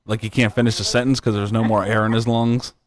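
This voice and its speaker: A man's voice: fairly low pitch, level tone, fast. A man hosting a live stream, chatting casually and telling rambling stories with frequent laughter. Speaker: livestream host.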